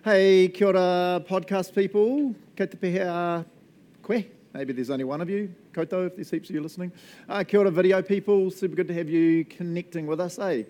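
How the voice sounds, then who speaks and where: A man's voice: sits high, steady tone, fairly quick, warm tone. A young adult man with a New Zealand accent, preaching a casual, playful sermon as pastor and acting out customers in silly voices.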